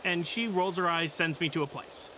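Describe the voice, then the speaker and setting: A man's voice: fairly high pitch, normal speed, sharp tone, slight background noise. A young man streaming, telling a work story in a blunt, profane, exasperated way. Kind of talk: casual storytelling.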